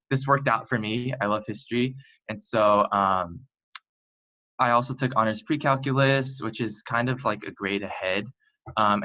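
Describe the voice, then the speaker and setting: A man's voice: lowish voice, sharp tone. A young man from California giving a casual online presentation as a student, rambling with many fillers and restarts. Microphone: computer mic on a video call. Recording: muffled lo-fi video call audio.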